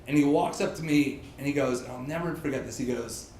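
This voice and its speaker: A man's voice: medium pitch, brisk. Man telling a story, laughing, echoey room. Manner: animated, self-mocking, laughs through his lines. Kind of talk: live personal storytelling on stage. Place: stage in a pub. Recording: echoey live room, faint crowd noise.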